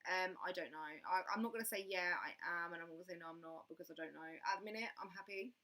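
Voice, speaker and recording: A woman's voice: fairly low pitch, very fast, pushed and bright. A woman chatting casually on a livestream as its host, rambling with lots of fillers.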